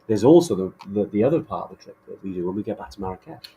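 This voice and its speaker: A man's voice: fairly low pitch, lively intonation, racing, warm tone, slight background noise. A man co-hosting a podcast in casual chat, enthusiastic and rambling with many restarts. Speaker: podcast co-host.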